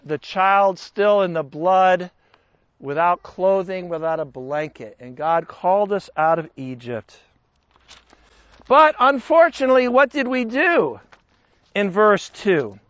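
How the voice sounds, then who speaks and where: Slow, emphatic high-voiced preacher. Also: male voice, no echo, muffled recording. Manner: slow, emphatic, with big swings in pitch and loudness. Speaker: Bible teacher. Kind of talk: sermon-style Bible study.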